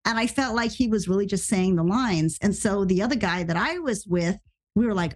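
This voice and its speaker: Animated American actress telling stories. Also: female voice, medium pitch. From United States. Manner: animated, rushed storytelling. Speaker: actress guest. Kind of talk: casual podcast storytelling.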